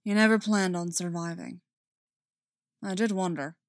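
A woman voicing a gruff alien male warrior who speaks low, soft and coaxing in a read-aloud story. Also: moderate pace, dry recording, studio quality, natural voice. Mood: gentle. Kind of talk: audiobook-style story reading.

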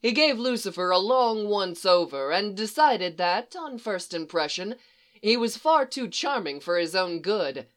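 A narrator reading a story aloud in an even storytelling manner, as an audiobook reading. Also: mid-range voice, a little slow.

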